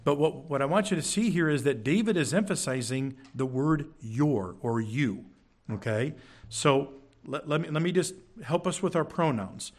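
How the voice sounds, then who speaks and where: A man preaching in a church, teaching from scripture with emphatic, animated delivery and frequent check-ins with the congregation. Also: a little high, moderate pace. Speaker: pastor. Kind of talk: sermon. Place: church sanctuary.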